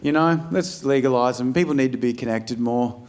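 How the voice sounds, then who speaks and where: A man's voice: mid-range voice, moderate pace, darkish tone. An Australian man doing a stand-up set, swearing freely and acting out scenes from his stories. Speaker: stand-up comedian. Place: comedy club stage. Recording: live room with a laughing crowd.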